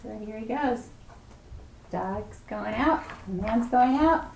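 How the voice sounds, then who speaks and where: Librarian woman, preschool storytime read-aloud, slow unhurried pace, playful questions to kids, echoey room. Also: fairly high pitch, slight background noise. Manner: animated, playful, asks children questions. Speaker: children's librarian.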